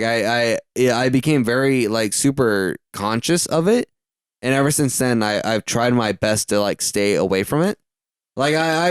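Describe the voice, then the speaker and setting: A man's voice: mid-range voice, clean tone, no room sound, studio quality. A man from the southern United States hosting a podcast, chatting casually in a rambling, self-correcting way and swearing now and then. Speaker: podcast host.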